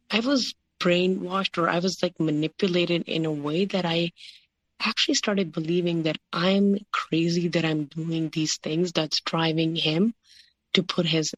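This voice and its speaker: A woman guest recounting a personal story in an interview, halting and filling her talk with "like" and "you know". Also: lowish voice, dry recording.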